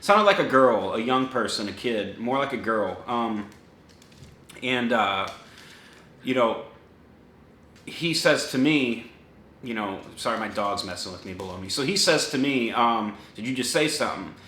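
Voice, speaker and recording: A man's voice: mid-range voice, measured pace, pauses often. A young man casually presenting his paranormal recordings, rambling with lots of fillers, a dog somewhere near him. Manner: relaxed, rambling with many fillers. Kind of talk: casual talk to camera. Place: home room with a dog nearby. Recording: echoey room, faint noise.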